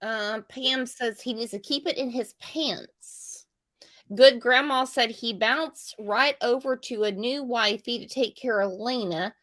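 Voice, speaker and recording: A woman's voice: fairly high pitch, sharp tone, no room sound, studio quality. A woman hosting a casual livestream chat, reading viewer comments aloud and chatting.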